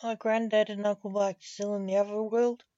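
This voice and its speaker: A woman's voice: mid-range voice, flat delivery, normal speed, warm tone, dry recording, lightly acted. A woman reading Max, young vampire. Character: young male vampire, anxious friend. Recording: dull, dry lo-fi audio.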